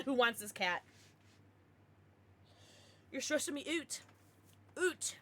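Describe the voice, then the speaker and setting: Bubbly streamer girl, high voice that bounces all over, lots of giggles and cutesy baby talk. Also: sing-song, a little slow, long pauses, pushed and bright, a little hiss or hum. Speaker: livestreamer. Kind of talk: casual livestream chat.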